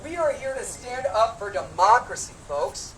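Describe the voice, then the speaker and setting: With a fairly high, sing-song voice at normal speed, a congressional candidate rallies protesters from outdoor steps. Her fervent speech escalates into shouted call-and-response, captured in a distant street recording full of crowd sound.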